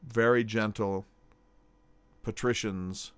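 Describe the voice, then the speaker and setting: A man's voice: on the low side, fairly even intonation, slow, clean tone, no echo. A man from North Dakota with a plain Midwestern accent, hosting a radio talk show and speaking with a slight hesitant catch in his voice. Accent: General American Midwestern.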